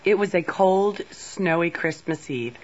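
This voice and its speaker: Woman reading a kids book, slow and soft, lively up and down, kinda muffled recording. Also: fairly low pitch, soft background music. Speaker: storyteller. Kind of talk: children's storybook read-aloud.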